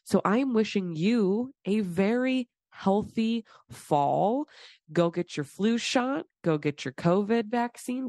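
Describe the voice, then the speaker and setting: A low-voiced woman hosts her podcast with a stuffy, congested nose from a cold. She rambles along in a chatty, casual way with quick asides. The sound is dry and close. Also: dry recording. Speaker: podcast host. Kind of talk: casual solo podcast chat.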